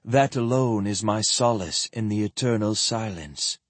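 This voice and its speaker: A man's voice: fairly low pitch, unhurried, no echo. A man voicing the ghost of an armored knight, speaking in a hollow, empty voice with solemn, archaic phrasing.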